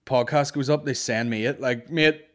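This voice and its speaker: A man's voice: mid-range voice, fairly even intonation. A young man hosting a comedy podcast, ranting in a casual, exasperated way and swearing constantly. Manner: heavy swearing, exasperated ranting, quick acted-out quips. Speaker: podcast host. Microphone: studio podcast microphone.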